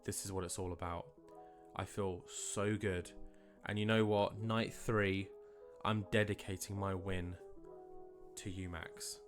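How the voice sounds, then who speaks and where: A man's voice: low voice, little pitch movement, a little slow, faint music behind. A man quoting an earnest young wrestler. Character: earnest male wrestler, sentimental.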